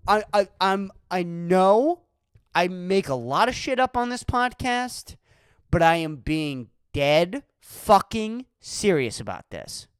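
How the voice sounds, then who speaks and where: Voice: medium pitch, clear, resonant tone, no room sound. Profane ranting podcast host from Massachusetts. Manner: profane, emphatic, repetitive ranting. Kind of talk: solo podcast rant.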